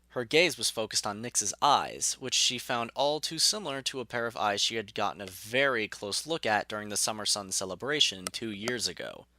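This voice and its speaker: A man narrating a fan audio story in a measured, even way. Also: mid-range voice, dry recording, studio quality.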